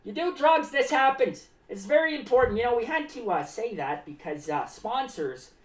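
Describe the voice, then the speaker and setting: A woman playing an excitable, rambling clown character who talks about herself in the third person and hops between topics. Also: on the high side, moderate pace, far from the mic, close to an everyday voice. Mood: mock-serious. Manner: rambling, jumps between topics, sudden shouts and drops. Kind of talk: improvised comic monologue. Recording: roomy echo, away from mic.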